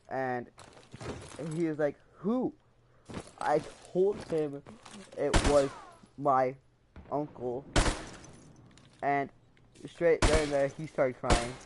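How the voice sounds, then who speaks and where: A man's voice: mid-range voice, noisy background. Man rambling through a personal story. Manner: rambling, emotional storytelling with frequent fillers; acts out quoted voices. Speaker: vlogger. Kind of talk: casual storytime.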